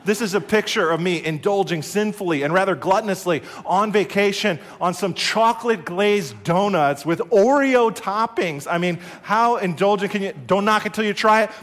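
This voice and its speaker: A man's voice: high voice, normal speed, hardly any pauses, fairly bright tone. A middle-aged man from the United States preaching a sermon as pastor, earnest, leading the congregation in call-and-response.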